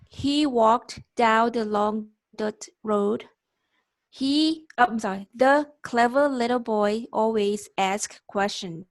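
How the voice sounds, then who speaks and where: Slow, careful woman reading sentences. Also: on the high side. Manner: careful, halting reading with self-corrections. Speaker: student. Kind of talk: reading example sentences aloud in a lesson. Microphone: video call.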